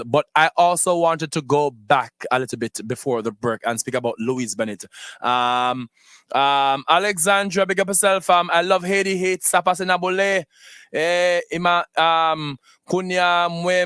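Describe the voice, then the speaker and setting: A man's voice: mid-range voice, a bit bright, clean tone, no room sound. A man with a Jamaican accent hosting a radio show, talking casually with many fillers and restarts.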